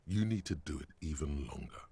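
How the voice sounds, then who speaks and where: An actor playing the deep, husky inner voice of a detective's mind, giving grave and insistent counsel. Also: male voice, lively intonation, brisk, noisy background. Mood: grave urging.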